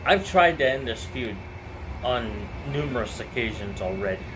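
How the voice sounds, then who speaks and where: A man's voice: medium pitch, expressive, moderate pace, noisy background. A man being interviewed, talking hesitantly and stumbling over his words. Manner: hesitant, repeats himself. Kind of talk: casual interview talk.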